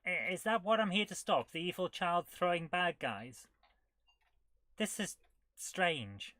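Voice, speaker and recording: A woman's voice: fairly low pitch, expressive, normal speed, a bit bright, dry recording. A woman streaming retro games, thinking aloud as she plays and reacting with amused disbelief. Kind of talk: casual live gameplay commentary.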